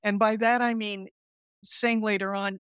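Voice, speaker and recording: A woman's voice: medium pitch, measured pace, smooth, no room sound, studio quality. A woman in her sixties or older, a psychotherapist, speaking earnestly and telling stories in a podcast interview. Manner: earnest, animated storytelling. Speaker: guest psychotherapist.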